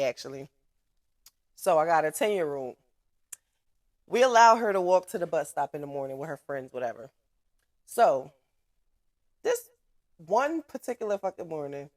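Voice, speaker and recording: A woman in her thirties, a podcast host telling a story in casual, profane, animated talk. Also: mid-range voice, no room sound, clean studio sound.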